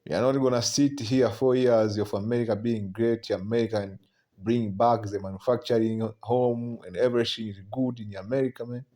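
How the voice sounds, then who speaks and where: Male preacher, mid-pitched, casual and halting, reads scripture between remarks, says "man" constantly. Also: fairly even intonation, mellow. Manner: keeps tagging lines with "man", halting repeats. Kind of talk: informal prophetic preaching.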